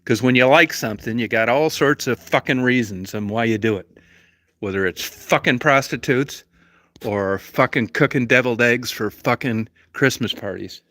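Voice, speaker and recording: A man's voice: medium pitch, moderate pace, a bit bright, dry recording. A man hosting a livestream, telling a story as a profane, rambling, argumentative rant full of constant swearing. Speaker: livestream host.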